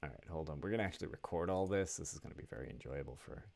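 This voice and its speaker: A man's voice: rumbling low, creaky, a little mellow, dry recording. A tipsy man hosting a podcast, rambling and swearing as he sets up his stream in casual chat. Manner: rambling, swearing, halting restarts. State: drunk. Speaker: podcast host.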